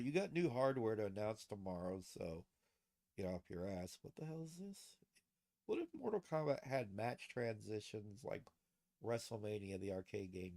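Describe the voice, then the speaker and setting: A man's voice: lowish voice, gravelly, darkish tone. A man streaming late at night, reacting to posts in loose, profane commentary and laughing often at his own jokes. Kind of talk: casual livestream commentary.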